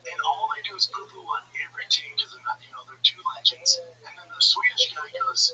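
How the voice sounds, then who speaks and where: A man's voice: very high-pitched, huge pitch swings, brisk, few pauses, sharp tone, in a whisper, far from the mic, poor audio. A man hosting a livestream, chatting casually in a rambling, profane way with lots of stammered restarts. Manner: rambling, profane, repeats himself. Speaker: livestream host.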